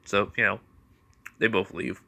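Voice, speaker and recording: A man's voice: on the low side, steady tone, unhurried, creaky, bright, forceful tone. A man casually retelling a fan-made story, rambling along with plenty of "like" and "you know".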